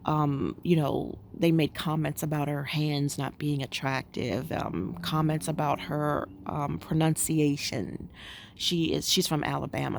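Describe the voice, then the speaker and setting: Woman vlogger, low gravelly voice, rambling casual chat, faint outdoor air behind her. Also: slight background noise. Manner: rambling, musing, frequent fillers. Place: outdoors at home.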